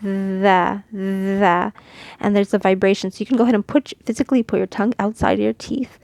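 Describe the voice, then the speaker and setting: Woman teacher, gravelly tone, dry close sound, patient demonstrating delivery. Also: medium pitch, fairly even intonation, moderate pace, a little mellow, no echo. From Mexico. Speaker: Quran reading teacher. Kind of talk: casual instructional lesson.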